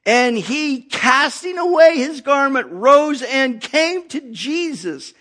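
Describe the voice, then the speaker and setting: A man preaching a sermon, reading scripture and calling out to the congregation with slow emphasis. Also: very high voice, animated, sharp tone.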